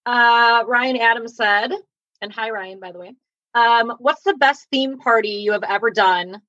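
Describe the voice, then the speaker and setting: A bright, slightly high-voiced woman reads a viewer's question on a podcast. She sounds easygoing and breezy, and her audio comes through dull and dry. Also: a little slow, no room sound. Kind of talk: casual chat.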